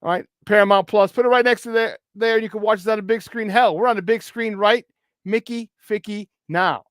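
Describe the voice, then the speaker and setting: A man hosting a morning sports talk show from a studio, hyped and playful as he shouts out listeners in the chat. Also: sits high, fairly quick, no room sound. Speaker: sports talk radio host.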